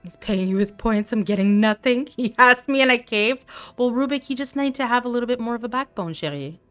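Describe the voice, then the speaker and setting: A woman with a fairly quick, high-leaning voice livestreams a video game, casually chatting with viewers and reading their messages aloud between playful asides. Her tone is clear, resonant, and a bit bright, with soft music playing in the background.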